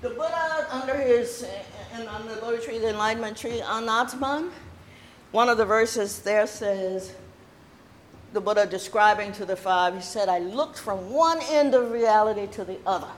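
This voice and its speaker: A woman's voice: a little high, normal speed. An older woman from the American South, with a Southern accent, giving a meditation teaching to a group with playful, laughing asides. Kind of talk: dharma talk to a group. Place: meditation hall. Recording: echoey hall with faint room noise.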